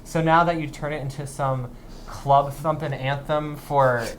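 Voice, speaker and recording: A woman's voice: low voice, fairly even intonation, unhurried. A young woman co-hosting a casual chat about viral videos, chatty and wry. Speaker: co-host.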